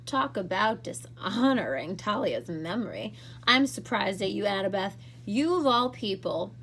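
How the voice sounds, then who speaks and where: A woman voicing a smooth, scornful teenage boy villain in a storybook reading, with a mocking, persuasive manner. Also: mid-range voice, expressive, a little slow, a bit bright, slight background noise. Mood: taunting.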